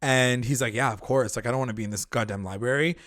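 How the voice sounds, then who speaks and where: A man's voice: mid-range voice, quick pace, fairly bright tone, no echo, clean studio sound. A young man co-hosting a casual recap podcast, rambling with lots of fillers and casual swearing. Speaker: podcast co-host. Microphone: podcast mic.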